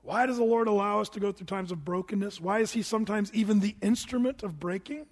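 A middle-aged male pastor with a notably high voice delivers a sermon in a church sanctuary. He tells his story with animated energy, at times climbing to shouts. His voice rings out with a long reverb tail from the hall. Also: fast talker.

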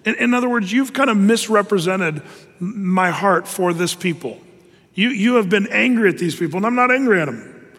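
Male preacher with a highish voice, lively storyteller, long reverb on it. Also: moderate pace. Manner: animated storytelling with acted asides. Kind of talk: sermon.

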